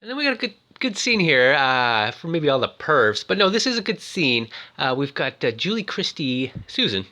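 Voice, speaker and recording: A man's voice: fairly high pitch, very animated, normal speed, few pauses, sharp tone. A man giving casual, jokey commentary on a movie, exclaiming often. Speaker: movie reviewer.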